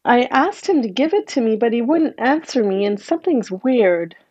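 A woman voicing a frightened little girl with a high, crying voice. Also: lively intonation, normal speed, darkish tone, dry recording, lo-fi sound. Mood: puzzled.

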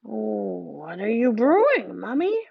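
A woman's voice: mid-range voice, huge pitch swings, slow, creaky, breathy edge, no room sound, narrow, tinny audio, full character voice. A woman voicing an impish, wizened fairy changeling baby boy who speaks in a very old man's voice. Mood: wheedling.

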